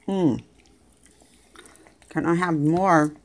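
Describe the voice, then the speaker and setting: A woman chatting casually in her home kitchen, talking homey and cooing at her dog in a high sing-song voice. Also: slow, creaky. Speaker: vlogger. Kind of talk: casual kitchen vlog chat.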